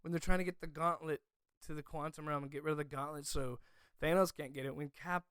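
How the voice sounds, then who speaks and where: A young man hosting a podcast, gushing emotionally about a movie with many excited restarts. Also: a little high, fast talker, smooth, no room sound. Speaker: podcast host.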